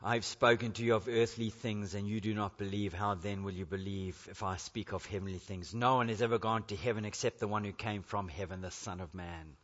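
A preacher dropping his voice into a calm male teacher who teases with quiet, drawn-out words, pitched well under the speaker's bright, high preaching voice. The sermon sound is dull and lo-fi, with a long echo from a large hall. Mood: gently rebuking. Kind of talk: sermon quoting scripture.

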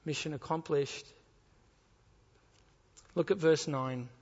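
High-voiced man preaching in a hall. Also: fairly even intonation, slow, muffled recording. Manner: expository preaching, rhetorical questions, reading scripture aloud. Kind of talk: sermon.

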